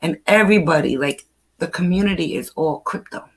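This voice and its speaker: A woman's voice: fairly low pitch, a little fast, breathy edge. Chatty older New woman. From New York. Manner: chatty, animated storyteller. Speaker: host. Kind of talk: casual chat.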